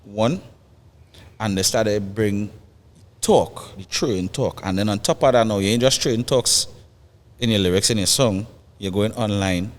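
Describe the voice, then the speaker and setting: Brief: Trinidadian man, low voice, emphatic talk, reverberant room. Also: measured pace, pauses often. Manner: emphatic, repeats phrases, dialect grammar. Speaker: guest musician. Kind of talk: casual chat.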